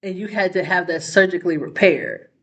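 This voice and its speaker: Brisk and a little bright, this woman's voice sits on the low side, though the audio is dull. Hosting her own vlog, she comments casually as if to a friend, asking rhetorical questions and leaning on "like" and "you know" between ideas.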